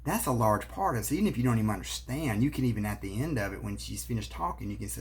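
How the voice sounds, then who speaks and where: Man, marriage coach, earnest advice to camera, somewhat low voice. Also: animated, rapid-fire, hardly any pauses. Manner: earnest, coaching, speaks straight to the viewer. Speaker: marriage therapist and relationship coach. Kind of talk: direct-to-camera advice talk.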